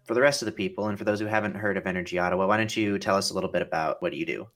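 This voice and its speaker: A man's voice: low-pitched, rapid-fire, a bit bright. A man co-hosting a podcast in casual chat, chatty and a little self-deprecating. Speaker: podcast co-host. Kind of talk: casual interview conversation.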